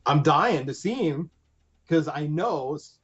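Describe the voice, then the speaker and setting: A man telling stories casually as a podcast guest, animated, acting out quoted voices and laughing often. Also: a little high, a little slow, breathy edge, muffled recording. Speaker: guest, prop and costume maker. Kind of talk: casual storytelling in a podcast interview.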